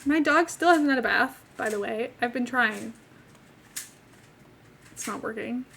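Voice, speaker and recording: Playing a life-sim game, this young woman streamer talks casually with her audience in a fairly high, somewhat bright voice with vocal fry, at a slightly slow pace. She drifts from subject to subject, addressing both chat and in-game characters. A faint hiss or hum is audible, and her accent is not English.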